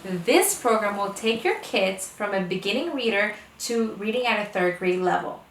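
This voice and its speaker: Speaking to camera in an echoey room, a bit distant from the microphone, this homeschooling mother walks through her method for teaching her children to read. She talks slowly and exaggerates the phonics sounds in a mid-range, animated voice, with a little hiss or hum on the recording.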